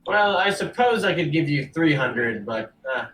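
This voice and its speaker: A man's voice: on the high side, sing-song, moderate pace, fairly bright tone, echoey room, far from the mic, soft background music, pitched above the performer's own voice, rough recording. A man voicing a lazy, shrewd male orc merchant who haggles dismissively. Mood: haggling.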